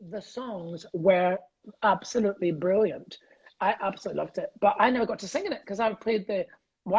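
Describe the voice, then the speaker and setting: A Scottish comedian chatting from home over a video call, tumbling from one tangent to the next. His stories run on animated and loose, with laughs breaking in along the way. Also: sits high, slightly rough, dull audio. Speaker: comedian guest. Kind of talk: casual video-call chat.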